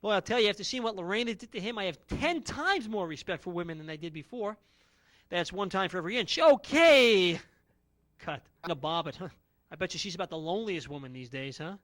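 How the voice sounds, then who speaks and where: A man's voice: sits high, fast talker, fairly bright tone. A man around forty performing a stand-up comedy routine with brash, punchy one-liners and no audience.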